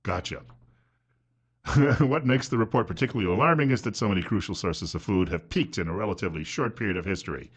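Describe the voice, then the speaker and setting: A man's voice: on the low side, quick pace, slightly rough. Middle-aged man, radio talk host, sarcastic and mocking, chuckles through his monologue. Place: radio studio.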